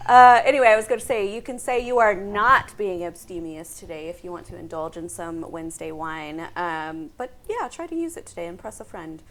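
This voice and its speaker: A woman's voice: on the low side, brisk, hardly any pauses, a bit bright. A woman co-hosting a casual morning show, chatty and teasing. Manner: chatty, teasing, laughs easily. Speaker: co-host.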